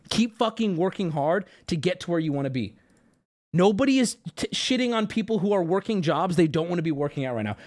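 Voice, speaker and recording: A man streaming live, ranting casually and arguing back at his chat in a mocking, animated way. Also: high-pitched. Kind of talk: casual livestream rant.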